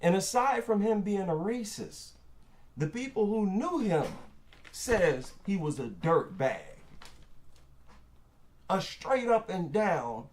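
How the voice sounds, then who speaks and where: Slow, emphatic high-pitched man. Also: sing-song, a little mellow. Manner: emphatic, indignant, repeats lines for stress. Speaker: commentator. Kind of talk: opinion commentary video.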